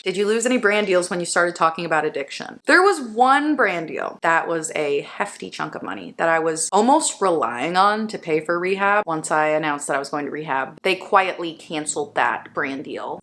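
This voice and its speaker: A woman's voice: lowish voice, a bit bright. Frank young woman vlogging candidly. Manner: frank and casual, swears freely, reads viewer questions aloud. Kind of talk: candid talking-to-camera vlog.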